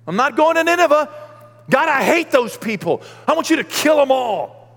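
A man's voice: mid-range voice, very fast, fairly bright tone, big-room sound, natural voice. A man voicing a stubborn prophet who angrily refuses his mission. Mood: indignant.

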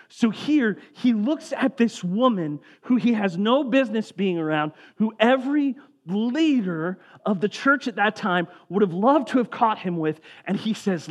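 Conversational preacher man, slightly high voice. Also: expressive, a little slow. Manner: conversational preaching, drops low and quiet for scripture readings. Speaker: pastor. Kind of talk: sermon.

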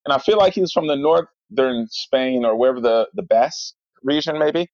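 Rambling, animated man, dry muffled audio. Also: medium pitch, a little fast, dry recording. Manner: rambling, animated storyteller with many fillers. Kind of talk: casual chat.

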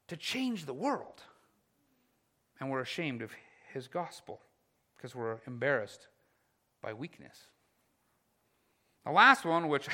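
A man preaching a sermon as pastor, moving between loud, driving passages and hushed, slow ones. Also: medium pitch.

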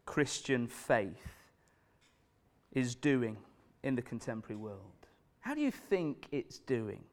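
A male preacher delivers a sermon with earnest emphasis. His voice sits a little higher than most men's, and he drives points home by repeating questions to the congregation. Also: darkish tone.

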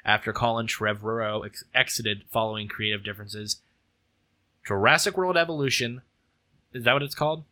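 A man's voice: fairly low pitch, pushed and bright. A young man co-hosting a podcast, reading entertainment news aloud with stumbles and joking asides. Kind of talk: casual news read and chat.

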